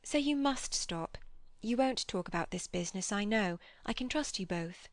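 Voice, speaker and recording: A woman's voice: medium pitch, expressive, moderate pace, dry recording, lightly acted. A woman reading an audiobook, voicing an anxious, proper young lady who speaks in a raised, pleading way.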